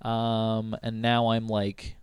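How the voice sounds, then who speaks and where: A man's voice: fairly low pitch, monotone, takes it slowly, clean tone, no echo, clean studio sound. A young man hosting a podcast who tells a story casually, rambling with lots of "like" and "um" and casual swearing. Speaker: podcast host.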